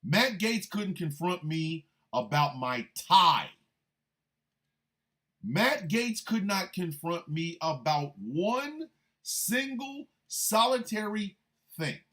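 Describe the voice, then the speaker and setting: Fired-up man ranting with a sharp edge. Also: very animated, slow pace, pauses often. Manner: profane, confrontational, swings from low threats to shouting. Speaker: radio show host; military veteran. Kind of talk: heated monologue rant.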